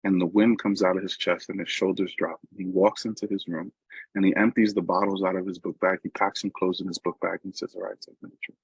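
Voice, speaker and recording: In a low, slightly husky voice, a middle-aged man from New York with a New York accent tells his recovery story loosely and conversationally, repeatedly checking in with "right?" His tone stays level and his pace fairly quick. The close, dry recording has no room echo, and the highs are cut off.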